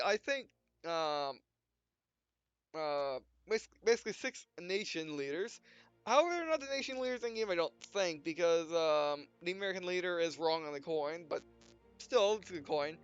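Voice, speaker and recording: A young man hosting a let's play, out of breath and rambling with halting restarts as he talks through a game. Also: sits high, a bit bright. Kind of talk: casual gameplay commentary. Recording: dull lo-fi mic with faint game music.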